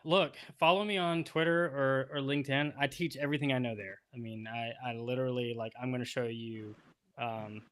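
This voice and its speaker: A man's voice: medium pitch, fairly even intonation, a little fast, fairly bright tone. A man speaking as a guest on a casual interview show, talking loosely with many restarts. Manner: rambling, full of fillers and restarts.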